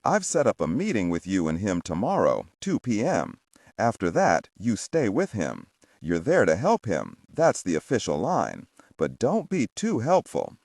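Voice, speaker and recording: A gruff, bossy police captain, acted by a man narrating an audiobook, pushes his orders hard and keeps asking if you follow. His voice sits low but swings widely. The sound is dry and close. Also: wildly swooping pitch, measured pace, darkish tone, no room sound, full character voice. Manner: blunt, pushy, rhetorical questions.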